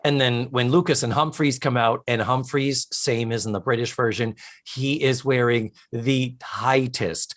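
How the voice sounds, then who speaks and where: Man, podcast co-host, casual chat, animated retelling, medium pitch. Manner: animated retelling of scenes with quick quoted voices.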